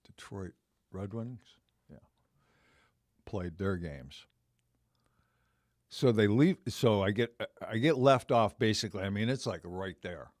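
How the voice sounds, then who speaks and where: A man's voice: fairly low pitch, expressive, slow pace, long pauses, a little mellow, no echo, clean studio sound. A man around seventy, hosting a podcast, telling a long personal story in a casual, rambling way that repeats phrases and circles back. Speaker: podcast host.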